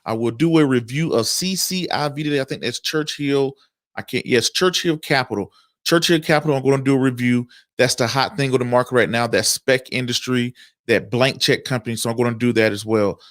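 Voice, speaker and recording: A man hosting a casual livestream about the stock market, greeting viewers by name and talking through market moves in a relaxed, chatty way. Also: medium pitch, fairly quick, dry recording, clean studio sound. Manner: chatty, reads viewer comments aloud and greets them. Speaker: host of a stock market show.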